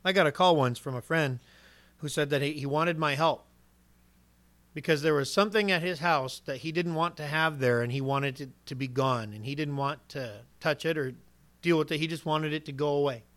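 A man delivering a sermon with a fairly high voice. He preaches earnestly and directly, drops into quick acted-out lines of what people say, and keeps pressing the listeners with rhetorical questions. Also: a bit bright.

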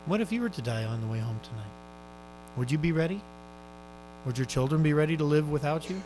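A male preacher delivering a sermon, exhorting his listeners fervently and swinging between loud urgent appeals and hushed, quiet questions. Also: a little high, animated, fast talker, music in the background, low-quality recording.

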